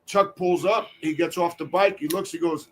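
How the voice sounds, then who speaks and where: A man's voice: fairly high pitch, normal speed, background noise. A man on a podcast telling a long, profane story in casual chat, acting out what people said. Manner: animated, profane, acts out quotes.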